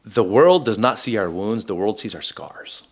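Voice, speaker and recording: A man's voice: on the low side, lively intonation, normal speed, breathy edge. A middle-aged man hosting a podcast, speaking reflectively in casual conversation and telling personal stories. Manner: reflective storyteller, acts out quoted voices. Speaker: podcast host.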